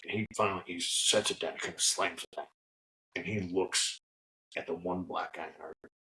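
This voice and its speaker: A man, a distillery guest, telling a long, animated and profane anecdote in casual conversation. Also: deep voice, moderate pace, poor audio. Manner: animated, profane, frequent restarts. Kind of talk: casual storytelling.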